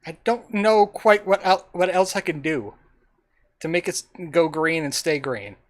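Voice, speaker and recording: A man plays a game on stream, offering casual, wandering commentary aimed at himself and his audience. His voice is a little high, and he speaks at a measured pace.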